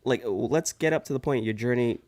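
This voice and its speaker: A man hosting a podcast, asking loose, halting questions in a casual interview. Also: medium pitch, darkish tone. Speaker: podcast host.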